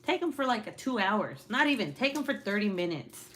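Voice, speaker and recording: Laughing, swearing young mom chatting. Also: female voice, mid-range voice, very animated, a little fast, a bit bright, slight background noise. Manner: laughs often, swears freely, slangy and joking. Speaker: livestream host chatting with viewers; mother of several young kids. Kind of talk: casual chat.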